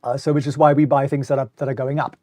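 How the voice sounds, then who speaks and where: A man's voice: mid-range voice, flat delivery, fast, a little mellow, a little hiss or hum. A middle-aged man from Germany with a German accent mixed with British English, casually commenting on markets in a live stream, often repeating words and answering viewer questions. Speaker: host.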